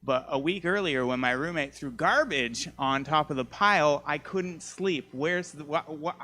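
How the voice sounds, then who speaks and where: Guy doing stand-up, super bright voice, kinda high, rambling self-mocking stories. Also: moderate pace, slight background noise. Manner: self-mocking, rambling storytelling with loud jumps in pitch. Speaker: stand-up comedian. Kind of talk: stand-up comedy set. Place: comedy show, live audience.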